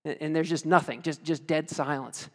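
A man preaching a sermon as pastor, casual and animated, telling stories with lots of fillers. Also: fairly high pitch, moderate pace. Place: church sanctuary. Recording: long reverb of a church hall.

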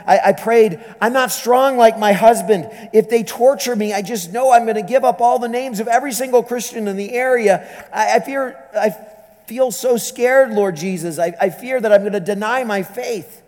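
A man's voice: sits high, moderate pace, a little mellow, voice pushed up, lightly acted. A man voicing a frightened, pleading believer woman. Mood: fearful pleading. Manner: earnest, pleading prayer. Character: frightened yet bold young Christian woman. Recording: long hall reverb.

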